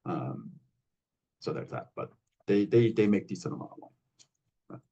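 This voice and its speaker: A man's voice: lowish voice, animated, unhurried, vocal fry, warm tone, dull audio. A man hosting a wine club tasting on a video call, talking casually with many fillers and restarts.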